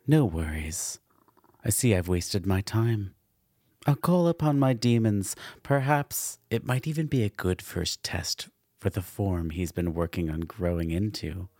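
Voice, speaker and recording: A man voicing a hungry female demon who drains her prey, speaking in hushed, menacing whispers. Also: low-pitched, expressive, a little slow, no echo, exaggerated voice.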